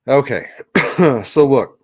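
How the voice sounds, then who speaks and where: A man's voice: medium pitch, lively intonation, extremely slow, no room sound, clean studio sound. A man hosting a casual solo talk video, rambling with lots of fillers and restarts. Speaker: video host.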